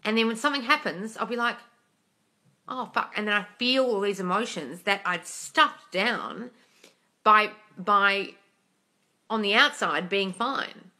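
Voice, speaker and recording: A woman's voice: mid-range voice, lively intonation, moderate pace, few pauses, sharp tone. A young woman hosting a casual live Q&A, answering viewer comments bluntly, swearing freely and calling people darling. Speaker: manifesting coach and livestream host.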